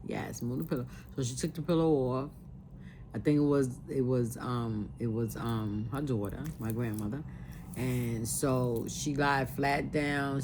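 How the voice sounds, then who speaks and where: A woman's voice: extremely low pitch, a little mellow, slight background noise. A woman telling a personal family memory in an earnest way, often repeating herself as she recalls it. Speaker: storyteller.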